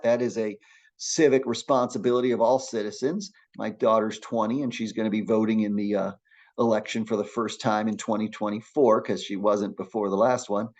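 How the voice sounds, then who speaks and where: Middle-aged man, college lecturer, upbeat and encouraging, mid-pitched voice, talks with restarts. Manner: energetic, encouraging, with frequent restarts. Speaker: public speaking instructor. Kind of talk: classroom lecture.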